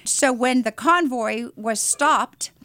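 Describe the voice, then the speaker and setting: A middle-aged woman missionary telling her story in an interview, animated and dramatic. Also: fairly high pitch, slow pace, dry recording.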